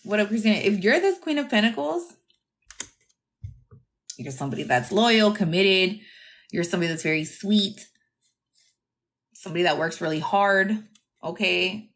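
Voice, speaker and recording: A woman's voice: mid-range voice, expressive, moderate pace, long pauses. A young adult woman giving a casual tarot reading to her viewers, brash, profane and teasing, often breaking into laughter. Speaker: tarot reader.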